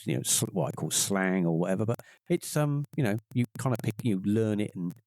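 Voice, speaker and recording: A man's voice: lowish voice, animated, a little fast, darkish tone, dry recording, clean studio sound. A man from England with a West Country accent, guest on a podcast, chatting casually and rambling with many fillers and restarts. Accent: West Country English.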